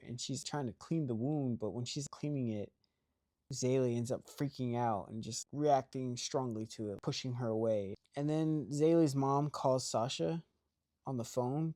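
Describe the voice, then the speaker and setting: A young man talks through a movie plot in an easy, unscripted way. He rambles, restarts his sentences and keeps checking in with "right?". His voice sits at an ordinary middle pitch. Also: dark tone. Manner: rambling, heavy use of "like" and "right?". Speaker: movie recap host. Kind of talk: casual movie plot recap.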